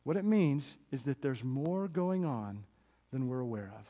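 A man preaching a sermon in an animated, jokey way, often dropping soft and slow for emphasis. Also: mid-range voice, big-room sound. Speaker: pastor.

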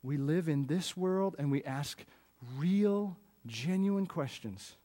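A man preaching with animated, jokey storytelling and a notably high voice. He often drops soft and slow to make a point, and his voice echoes with a long reverb through a large hall. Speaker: pastor. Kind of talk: sermon.

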